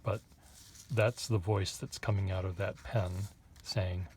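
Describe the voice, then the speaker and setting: Low-voiced man rambling about pens. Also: fairly even intonation, a little slow, a little mellow, slight background noise. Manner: rambling, hesitant, wry asides to viewer. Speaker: artist reviewing pens. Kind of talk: casual chat while drawing. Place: at a desk.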